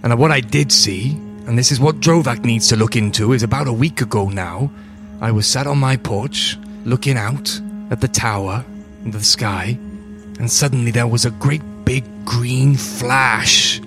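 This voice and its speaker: A gruff farmer with a big beard and a short temper, tired from sleepless nights, as a game master voices him. He talks slowly and heavily, leaning hard on every word, a bit higher and louder than the narrator's usual voice. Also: music in the background, close to an everyday voice. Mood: grave. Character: gruff, angry, weary bearded male farmer.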